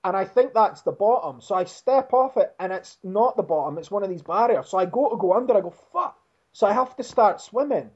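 A man with a fairly high voice tells a rambling personal story, swearing freely and with lively energy. The sound is dull and lo-fi. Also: brisk, few pauses, slightly rough. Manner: expletive-heavy, animated storytelling. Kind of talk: casual anecdote.

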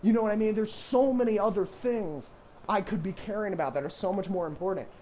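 A young man talks loosely on a podcast, a slightly higher voice full of fillers and restarts. He pokes fun at himself and laughs often as he rambles along. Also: brisk, dark tone, slight background noise. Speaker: podcast co-host, professional poker player. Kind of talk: casual chat.

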